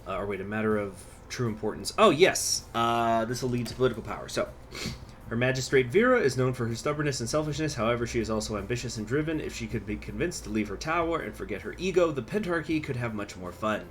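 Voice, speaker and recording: A man's voice: mid-range voice, expressive, fast talker, a little hiss or hum. A man hosting a strategy game let's-play, chatting casually and rambling through asides while reading event text aloud. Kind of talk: casual gameplay commentary.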